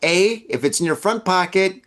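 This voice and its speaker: A man's voice: sits high, normal speed. A man hosting a comedy news podcast, reading odd stories and riffing on them with jokes and acted-out asides. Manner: animated, joking asides, acts out drunk voices. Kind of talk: casual comedic news commentary.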